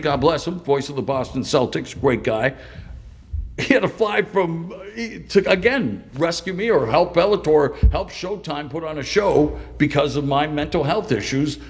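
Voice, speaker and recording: A middle-aged man from British Columbia, a podcast guest, telling his story with intense emotion, swinging between loud and hushed. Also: mid-range voice, creaky, in a large hall. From Canada, British Columbia. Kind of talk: candid interview storytelling.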